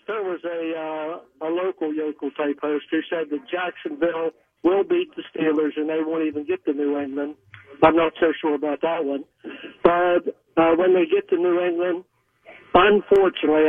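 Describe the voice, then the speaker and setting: A man's voice: fairly high pitch, vocal fry, dry recording. A man calling in to a sports radio show with blunt, emphatic predictions. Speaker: caller. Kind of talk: phone-in sports opinion. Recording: phone line.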